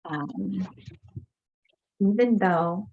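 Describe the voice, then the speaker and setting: A woman leading a tapping session, speaking slow repeated affirmations about her frustration. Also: lowish voice, phone-quality sound. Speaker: EFT tapping practitioner. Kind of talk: guided tapping script, slow repeated phrases.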